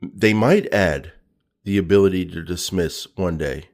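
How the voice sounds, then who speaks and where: A deep-voiced man, an adult with a young son, co-hosts a podcast in an unhurried way. He chats casually, full of jokes, teasing, and playful banter.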